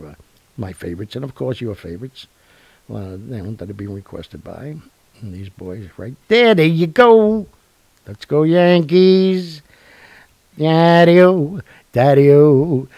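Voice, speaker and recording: Gravelly rambling New man. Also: fairly low pitch, no echo. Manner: rambling, jokey, with fillers and laughs. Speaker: show host. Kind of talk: casual live-stream chat.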